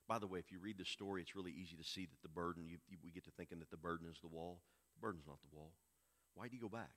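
Bright-voiced man preaching a sermon. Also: low-pitched, rapid-fire. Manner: preaching with swings from hushed to loud. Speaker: pastor.

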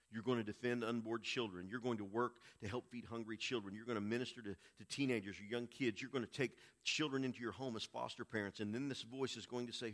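A man preaching a sermon, swinging between quiet, hushed stretches and loud, raised passages. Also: medium pitch. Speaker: pastor.

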